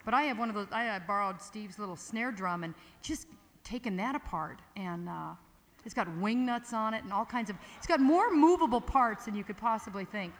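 This woman emcees a live music event at a music camp evening dance, introducing a band in a rambling, playful, casual way. Her voice is medium in pitch, animated, and moderately paced. The sound comes from a large, echoey hall with an audience and ambient noise.

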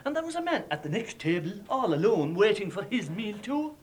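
Irish storyteller with a high voice. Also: male voice, a little fast, slight background noise. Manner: lively, dramatic, dialect-rich telling. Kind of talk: traditional folk storytelling.

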